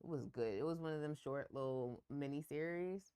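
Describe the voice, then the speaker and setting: A woman co-hosting a relationship podcast, talking in a relaxed, conversational way with wry asides. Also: low-pitched, fairly quick, clear, resonant tone. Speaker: podcast co-host. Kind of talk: casual relationship chat.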